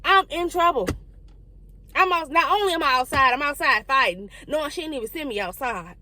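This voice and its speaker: A young woman tells a storytime at a rapid clip. Her voice sits a little high, and she swears freely and jumps into the voices of the people in her story. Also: no room sound. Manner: fast, profane, animated storytelling with quoted voices. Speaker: vlogger. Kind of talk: casual storytime.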